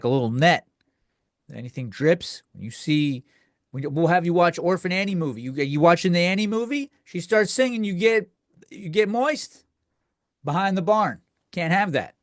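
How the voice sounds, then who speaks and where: A man's voice: fairly high pitch, dry recording, studio quality. A man hosting a comedy podcast, ranting in a crude, profane, rambling way with lots of restarts. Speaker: podcast host. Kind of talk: comedic rant.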